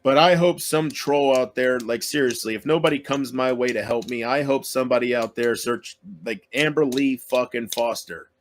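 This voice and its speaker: A man's voice: medium pitch, normal speed, few pauses. A man vlogging to his viewers in an upset, pleading rant, swearing and repeating himself, close to tears.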